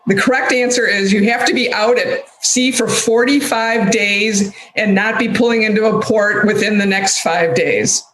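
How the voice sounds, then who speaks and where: A man's voice: high voice, steady tone, moderate pace, hardly any pauses, a bit bright, echoey room, slight background noise, rough recording. A man with a Midwestern American accent running a quiz round for the Navy team, laughing often as he talks. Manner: laughs often while talking. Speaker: Navy team panel player. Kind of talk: casual game-show banter.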